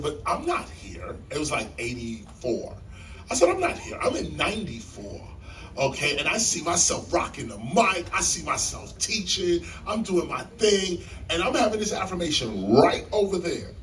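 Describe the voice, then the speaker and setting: A man telling a story to a live audience in a library hall, animated and emphatic like a preacher, repeating key lines and jumping in pitch. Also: far from the mic, a little hiss or hum. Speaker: guest speaker on stage.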